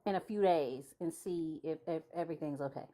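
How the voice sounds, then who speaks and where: A woman's voice: low-pitched, fairly quick, mellow. A woman co-hosting a casual livestream chat, musing and thinking aloud.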